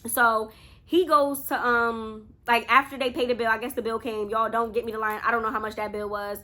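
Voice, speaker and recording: A woman's voice: fairly high pitch, steady tone, a little fast, bright, forceful tone. A young woman telling a casual storytime to her viewers, chatty and talking straight to them. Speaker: vlogger.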